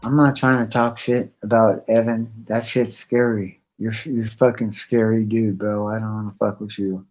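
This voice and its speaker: This live stream guest has a lowish, darkish voice with little pitch movement and speaks at a moderate pace. He rambles through a casual chat, cursing constantly, with the audio muffled and lo-fi and faint music playing.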